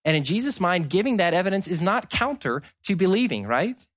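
A man's voice: high voice, very animated, a little fast, a bit bright, dry recording. A man preaching a sermon, engaging the audience with questions and moving into paraphrased dialogue and scripture readings.

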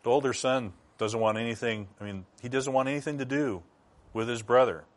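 A man's voice: mid-range voice, a little fast. A middle-aged man preaching a sermon as pastor, teaching through rhetorical questions.

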